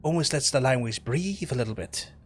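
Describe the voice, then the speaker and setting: A man's voice: mid-range voice, expressive, brisk, slight background noise. A man with a Northern Irish accent, rambling chattily and swearing freely as he streams a game. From Northern Ireland. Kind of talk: casual live-stream commentary.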